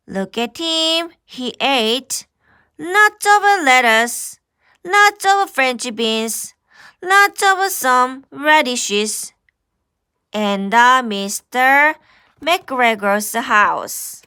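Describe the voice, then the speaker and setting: A woman's voice: high-pitched, expressive, very slow, pushed and bright, smooth, dry recording, studio quality. A woman with a Korean first language reading a picture book aloud to children as their English teacher, exclaiming and asking the listener questions.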